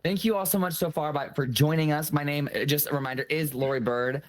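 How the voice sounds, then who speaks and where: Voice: medium pitch, steady tone, a little fast. A game show host running a casual online contest, playful and teasing, laughing often, over a video call.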